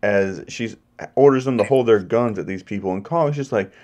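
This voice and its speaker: Man, movie reviewer, casual spoiler talk, heavy swearing, animated retelling. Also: fairly low pitch, normal speed, muffled recording. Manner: profane, animated plot retelling.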